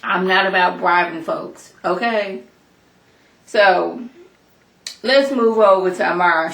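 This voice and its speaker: A woman with a mid-range, slightly bright voice gives a casual, opinionated recap of a TV episode as a reviewer. She is chatty and tells it like a story, with plenty of asides. The recording is in an echoey room.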